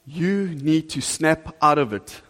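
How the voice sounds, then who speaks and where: A man preaching a sermon to a congregation, earnest and animated, asking the listeners direct questions. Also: on the high side, takes it slowly. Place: church hall before a congregation. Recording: long reverb of a large hall.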